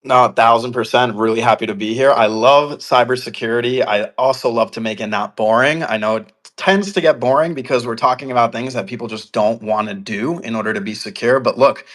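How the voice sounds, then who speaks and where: A man's voice: mid-range voice, a little fast, hardly any pauses, fairly bright tone. A male guest speaking fluently and upbeat, introducing himself and his work. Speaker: guest, security specialist. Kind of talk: guest chat.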